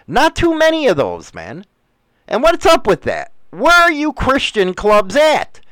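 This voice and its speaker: A man's voice: very high voice, huge pitch swings, measured pace, a bit bright, dry recording. A middle-aged man hosting a radio show, rambling bluntly and swearing freely in a casual monologue.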